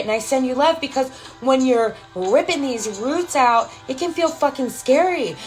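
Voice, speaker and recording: An emphatic woman talks to her live-stream viewers with a high voice and lots of warmth in her words, swearing and repeating lines for punch. She answers comments casually as she goes. Faint music plays behind her. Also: rough recording. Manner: emphatic, swears freely, repeats phrases for effect; affectionate, calls viewers girl and love.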